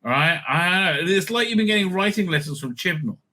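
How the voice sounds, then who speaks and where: A man with a high, bright voice talks at a quick, animated pace, tossing in sarcastic, scornful remarks and many fillers. He vlogs from home with a dog close by, reading out TV news and mocking it casually.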